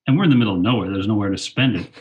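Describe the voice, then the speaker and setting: A man's voice: on the low side, racing, dull audio. An older man telling film-set stories in an interview, acting out his own past lines in a raised voice. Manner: animated anecdotes, quotes himself in a raised voice. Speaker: guest, film director and teacher. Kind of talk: storytelling interview.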